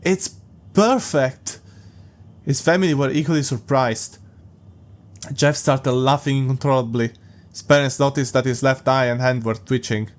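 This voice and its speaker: A man hosts a podcast, reading a story aloud in a mid-range voice at a moderate, steady pace. He keeps breaking off for amused, sarcastic asides and laughs often, making it a casual reading full of mocking commentary.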